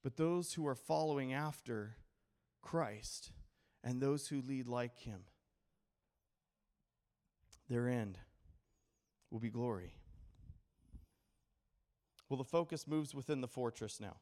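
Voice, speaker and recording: A man's voice: medium pitch, takes it slowly, long pauses, a little mellow. A man from Idaho preaching a sermon, asking the congregation questions and mixing in casual humor. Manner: conversational preaching with call-and-response questions and humor. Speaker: pastor.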